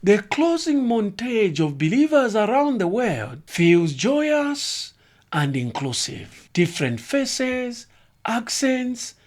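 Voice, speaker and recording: A man giving scripted critical commentary in a measured, grave, analytical way. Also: very high-pitched, very animated.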